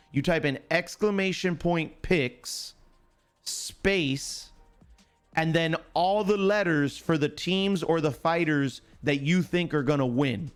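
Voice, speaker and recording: A man with a slightly high voice hosts a live stream in a loose, joking way. He greets chatters by name and teases them while walking through a picks contest, with faint music playing underneath. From United States. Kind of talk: casual live-stream chat.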